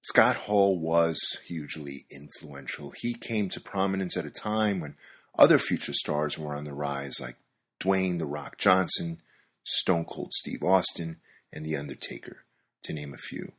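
Low, husky man with a wry delivery. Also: a little slow. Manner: wry, conversational, amused. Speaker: commentator. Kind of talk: scripted monologue.

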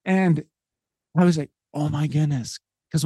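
A man's voice: fairly high pitch, normal speed, warm tone, slightly rough, no echo. A man in his thirties, a podcast host, telling a personal story in an earnest, heartfelt way, with frequent restarts.

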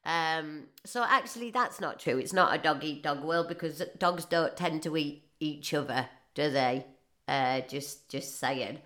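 A woman in her forties from northeast England, with a Northeast English accent, rambles through a jokey, casual monologue and laughs often. Her voice sits low and is a bit bright, and she speaks at a measured pace.

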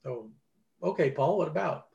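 Man over forty, author in an interview, fairly high voice, lively storytelling, acts out dialogue. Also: normal speed, creaky, highs cut off. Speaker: ghostwriter and author. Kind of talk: casual interview talk.

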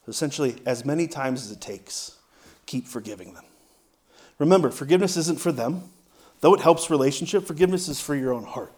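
A man, a pastor, preaching a conversational sermon, often asking "right?" and shifting his loudness for emphasis. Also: medium pitch, expressive, brisk.

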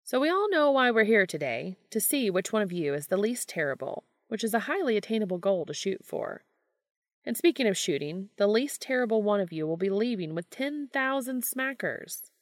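A woman's voice: medium pitch, sing-song, moderate pace, no echo, clean studio sound, voice pushed up, close to an everyday voice. A woman voicing a brash, joking male game show host in a fan story reading. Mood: teasing showman. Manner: teasing, showy.

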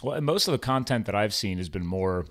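A man's voice: on the low side, expressive, fast. A man hosting a podcast interview, chatting enthusiastically and laughing often. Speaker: podcast host. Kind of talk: casual interview chat.

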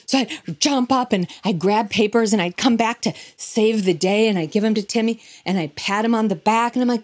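A woman preaching a sermon through a personal story, told in an animated way with frequent laughs. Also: on the high side, fairly quick, hardly any pauses.

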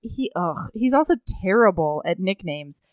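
A woman's voice: fairly low pitch, expressive, normal speed, no room sound, studio quality. A woman co-hosting a casual chat, wry and laughing often as she recaps a book. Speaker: podcast co-host.

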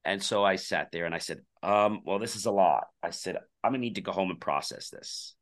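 Man, low pitch, forceful tone, conversational storytelling, acts out dialogue. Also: a little fast. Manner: animated storyteller acting out quoted dialogue. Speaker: podcast guest, company founder.

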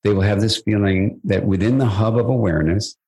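An older man appears as a psychiatrist guest in an interview, explaining ideas at length and telling stories as an animated storyteller who acts out the quoted dialogue. His voice is fairly low, a little fast and husky, on a rough recording.

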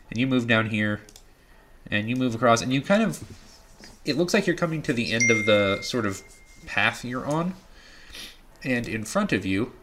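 A man's voice: mid-range voice, fairly bright tone, slight background noise. A man running a tabletop game as game master, narrating with many hesitations and fillers.

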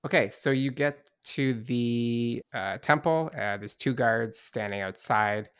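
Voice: mid-range voice, slow pace, clean tone, no echo, studio quality. A game master narrating a tabletop game in a hesitant way, with many restarts.

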